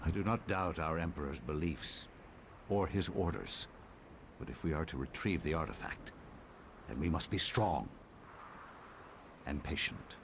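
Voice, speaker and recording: A grim Roman centurion whose video-game lines come slow, measured and ominous. His voice sits very low and dark. A clear layer of noise hums behind him. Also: lively intonation, full character voice. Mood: resolute. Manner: solemn, measured, ominous pronouncements. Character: grave male Roman centurion turned haunted zealot. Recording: game audio with noisy backdrop.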